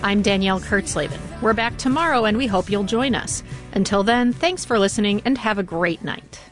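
A woman radio news host wraps up her program in a steady, measured read. A clear music bed plays under her voice. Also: mid-range voice. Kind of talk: scripted broadcast sign-off.

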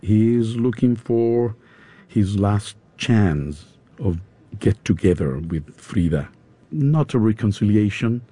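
A man with a Spanish accent, an opera singer interviewed in English, his second language, pausing often to search for words. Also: low voice, warm tone, slightly rough. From Spain. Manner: halting, searching for words with fillers.

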